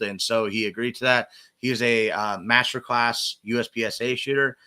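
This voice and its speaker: A male host in easygoing conversation, reading comments aloud and chuckling often. His voice is bright and forward, his talk loose and profane. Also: mid-range voice, fairly even intonation, normal speed, smooth. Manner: laughs often, reads viewer comments, swears casually. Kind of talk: casual livestream chat.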